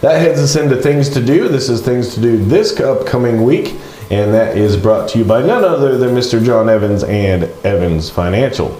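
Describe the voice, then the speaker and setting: A man co-hosting a local community news show in a relaxed, chatty way with many fillers, and he is losing his voice. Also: mid-range voice, normal speed. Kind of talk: casual live show chat. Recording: roomy echo.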